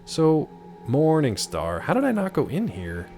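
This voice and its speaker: A man's voice: a little high, wildly swooping pitch, a little slow, a little mellow, faint music behind. A man streaming a video game, chatting casually in a rambling, laid-back way with many fillers. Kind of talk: casual gameplay commentary.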